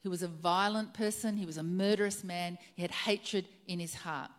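A woman's voice: on the low side, steady tone, normal speed. Earnest woman preaching a sermon. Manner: earnest storytelling, repeats key phrases for emphasis.

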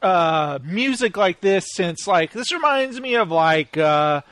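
A man's voice: sits high, expressive, takes it slowly, a bit bright, no echo. A man co-hosting a podcast, chatting and amused. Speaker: podcast co-host. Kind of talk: casual chat.

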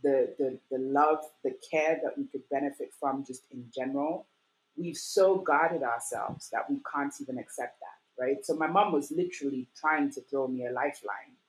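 A young adult woman telling a personal story in conversation, animated and full of fillers, acting out the voices of the people she quotes. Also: extremely low pitch, normal speed, rough recording. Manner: animated, acts out quoted voices, many fillers like "like" and "you know". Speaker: guest.

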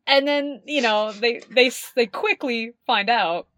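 A woman's voice: fairly high pitch, unhurried, fairly bright tone, no echo. Chatty young woman podcaster, dry sound. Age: young adult. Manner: chatty, rambling, swears, laughs often. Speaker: podcast co-host. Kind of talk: casual chat.

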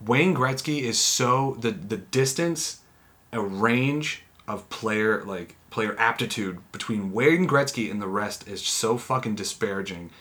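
A man's voice: lowish voice, a little slow, a bit bright. A man co-hosting a podcast, riffing in casual, profane chat with jokey asides. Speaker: podcast co-host.

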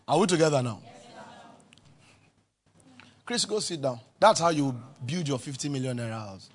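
A man's voice: mid-range voice, lively intonation, normal speed, pauses often. A man preaching a sermon as pastor, emphatic and calling out to the congregation for responses.

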